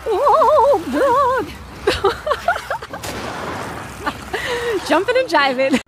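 A woman streamer reacting to a game, jumpy and excitable, often screaming, laughing and swearing. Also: very high voice, drawn-out words. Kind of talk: live gameplay reactions. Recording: game noise under the voice.

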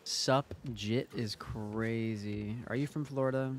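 A man's voice: medium pitch, steady tone, slow pace, slight background noise. A young man streaming a game who chats casually with viewers, teasing and joking between plays. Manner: joking, teasing, chatty asides to chat while playing.

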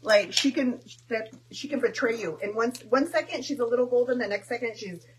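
A woman's voice: fairly high pitch, fairly quick, a little hiss or hum, poor audio. A young woman chatting and joking through a home cooking stream, tossing in Spanish words. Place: home kitchen.

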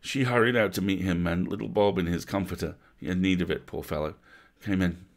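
Deep, gravelly male storyteller. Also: fairly even intonation. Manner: measured, atmospheric. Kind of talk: livestreamed bedtime story reading.

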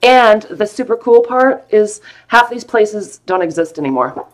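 A woman's voice: mid-range voice, animated, a little slow. A woman hosting a live stream sale of vintage books, chatting playfully and gushing over each one. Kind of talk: casual live sale chat.

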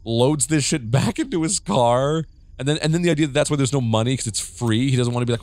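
A man's voice: mid-range voice, fairly quick, few pauses, a little mellow, no echo. A man from the United States giving rambling, profane let's play commentary, with jumpy reactions as he plays a horror game. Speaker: gamer.

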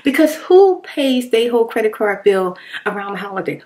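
A woman rambling casually to her viewers in an informal, animated way. She talks expressively and laughs often. Now and then her voice drops into a soft whisper. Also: mid-range voice, a little fast. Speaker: ASMR vlogger. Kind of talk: casual rambling chat reading viewer comments.

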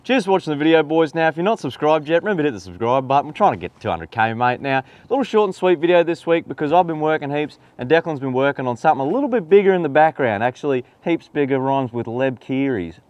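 An Australian man chatting casually to his viewers at the end of a video, relaxed and slangy. His voice is a touch high for a man and moves around lively as he talks. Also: quick pace, hardly any pauses, no echo, dull audio. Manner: laid-back, slangy. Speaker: host.

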